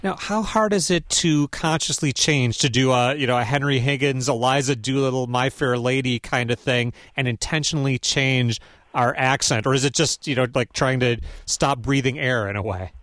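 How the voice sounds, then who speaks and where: A man's voice: mid-range voice, normal speed, fairly bright tone, dry recording. A male radio host, asking questions in a conversational way with many fillers. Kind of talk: radio interview. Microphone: studio mic.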